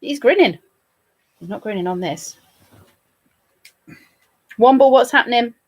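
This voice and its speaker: A woman's voice: a little high, lively intonation, measured pace. Woman, British accent, casual live stream chat, playful, chatty host. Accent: British English. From England. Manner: chatty and playful, talking to viewers.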